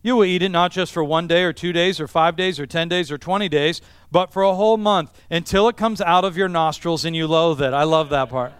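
A man's voice: fairly high pitch, brisk, few pauses, fairly bright tone, clean tone, dry recording. A middle-aged male pastor preaching a sermon in an emphatic style, stacking repeated phrases for effect. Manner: emphatic, repetitive preaching cadence.

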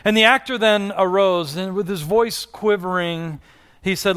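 A man's voice: sits high, unhurried, a bit bright, clear, resonant tone. A man preaching a sermon in an earnest style, with rising and falling delivery and repeated questions to the congregation. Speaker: pastor.

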